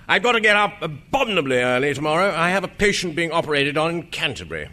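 A man's voice: a little high, sing-song, quick pace, bright, forceful tone. An actor playing a chatty, genial doctor taking his leave after an evening out, speaking politely and eagerly. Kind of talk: stage-style radio drama acting.

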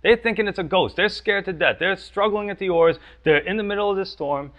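Male pastor, casual preaching with lots of "you know", gravelly tone, muffled recording. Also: sits high, fairly quick. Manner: conversational, frequent "you know" and "right?". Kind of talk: sermon.

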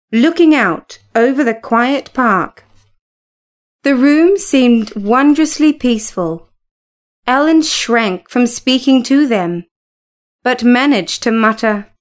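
Woman narrating a classic story, slow, higher voice, measured. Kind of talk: storybook reading.

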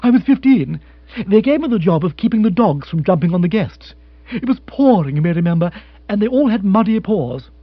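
Brisk lively young woman, read by a man, high and animated, dry dull recording. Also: no room sound. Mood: amused, frank. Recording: dry, slightly dull audiobook.

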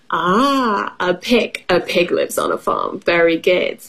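A woman's voice: on the low side, huge pitch swings, a little slow, gravelly, rough recording. A woman reading a farm picture book to children as an English lesson, asking questions and making playful animal sounds. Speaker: storybook reader and English teacher.

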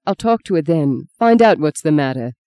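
An audiobook reader voicing a gentle, kind young priest who talks in a soft, reassuring way. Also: mid-range voice, animated, moderate pace, lightly acted. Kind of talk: audiobook reading.

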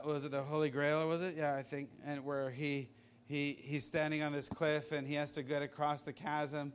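A man preaching a sermon in a conversational, rambling way, full of asides and illustrations. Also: a little high. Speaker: pastor.

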